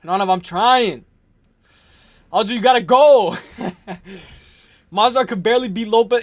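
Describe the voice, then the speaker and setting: A man hosting a live stream, ranting and joking in an excitable, profane way while reading viewer comments. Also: high voice, a little slow, pauses often.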